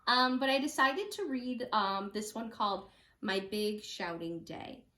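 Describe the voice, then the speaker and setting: A woman teacher reading a picture book aloud at home, with lively, chatty asides for children. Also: mid-range voice, a little slow, roomy sound. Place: home room.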